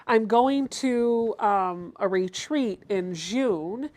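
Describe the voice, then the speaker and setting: A woman's voice: medium pitch, animated, drawn-out words, darkish tone. Woman host, casual sewing tutorial, talkative, greets viewers between steps. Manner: chatty, explains each step while reading viewer comments aloud.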